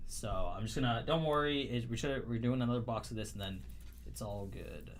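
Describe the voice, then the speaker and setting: A man's voice: mid-range voice, fairly quick, slight background noise. A Canadian man hosting a casual livestream, chatty and rambling, with a dry cough, often breaking off mid-sentence. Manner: rambling, self-interrupting, chatty. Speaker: livestream host.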